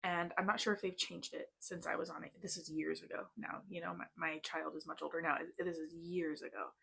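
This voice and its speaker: A woman's voice: on the low side, steady tone, fairly quick, creaky, a bit bright, husky. A woman in her thirties telling a personal story in a casual, chatty way, full of "like" and tense asides. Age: 30s. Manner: chatty, lots of "like", tense retelling. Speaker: vlogger. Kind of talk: casual storytime while doing makeup.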